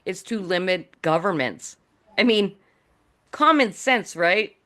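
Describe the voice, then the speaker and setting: A woman's voice: mid-range voice, lively intonation, slow pace, a bit bright. A woman hosting a talk show over a video call, playful and teasing, laughing often. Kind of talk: casual video call chat.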